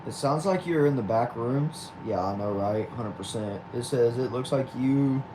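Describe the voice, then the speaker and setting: A man's voice: mid-range voice, normal speed, background noise. A man, reading chat aloud on a casual livestream from a small back room at home and answering with dry, easygoing replies. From Texas. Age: 20s.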